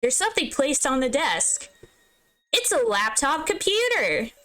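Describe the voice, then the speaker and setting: A woman's voice: sits high, sing-song, measured pace, bright, forceful tone, a little hiss or hum, pitched above the performer's own voice, heavily acted. A woman reading lines for a wary young heroine of a visual novel, in a close-to-natural voice. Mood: curious.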